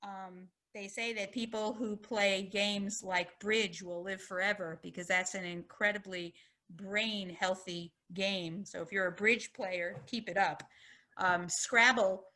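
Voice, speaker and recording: This is a woman physician delivering a public lecture on health. Her voice is bright and forward. She explains in a friendly, conversational way, now and then slipping into a short personal story. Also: mid-range voice, steady tone, slow pace. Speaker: physician giving a health talk.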